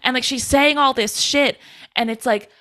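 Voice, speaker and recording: A woman's voice: sits high, sharp tone. A woman co-hosting a podcast, eagerly retelling a movie plot in casual chat and laughing along. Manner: chatty, eager, quick to laugh. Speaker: podcast co-host.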